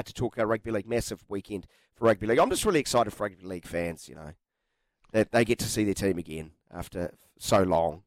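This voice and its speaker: Bantering New radio host. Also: male voice, medium pitch, no echo. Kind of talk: casual sports radio chat. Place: radio studio.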